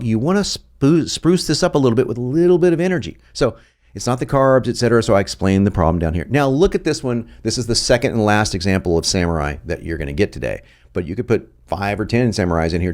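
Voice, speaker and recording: Middle-aged male instructor, lively pitch, chatty and quick to laugh. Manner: animated, laughs often, restarts sentences. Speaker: copywriting teacher. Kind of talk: casual screen-share lesson.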